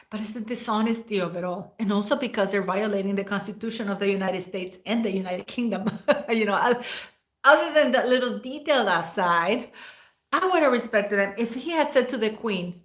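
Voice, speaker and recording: A woman's voice: mid-range voice, fairly bright tone. A woman hosting a casual livestream, rambling and emotional as she thanks viewers by name. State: near tears at times. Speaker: livestream host.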